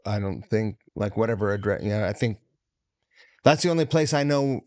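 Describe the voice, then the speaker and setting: With a fairly low, darkish voice, lively intonation, and a fairly quick pace, this Seattle man hosts a podcast, chatting casually and profanely with a guest in a laid-back, chatty way. The audio is studio quality with no room sound.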